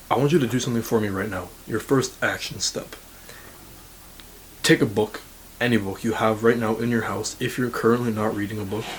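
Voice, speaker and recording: A man's voice: fairly low pitch, slight background noise, rough recording. An eighteen-year-old man from Canada giving blunt, casual self-improvement advice to camera as a university student, swearing freely and saying "like" a lot. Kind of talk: motivational talk to camera.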